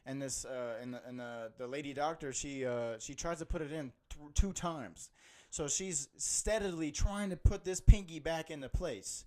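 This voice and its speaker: A young man hosting a podcast, telling an animated story with lots of laughing and "bro". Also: on the high side, normal speed. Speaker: podcast host. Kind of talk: casual storytelling chat.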